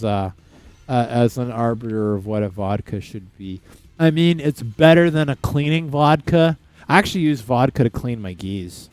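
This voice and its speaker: A man's voice: medium pitch, expressive, normal speed, no room sound, soft background music. A man hosting a casual livestream, chatting loosely with viewers and rambling with frequent restarts. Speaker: livestream host. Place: home in Saskatchewan.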